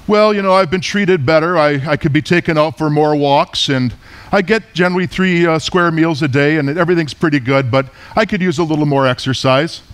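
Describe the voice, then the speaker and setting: A man's voice: fairly high pitch, brisk, lightly acted. Man putting on a grumbling talking dog. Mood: mildly complaining. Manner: folksy, grumbling mildly. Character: talking farm dog, mild complaining male.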